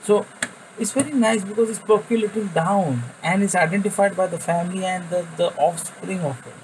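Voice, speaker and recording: A man with a fairly high voice leads an informal Bible study in an earnest, conversational way, often repeating words as he reaches for his phrasing. A faint hum of background noise sits under his voice. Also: fairly even intonation, fairly quick, a little mellow, rough recording. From India. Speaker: Bible teacher.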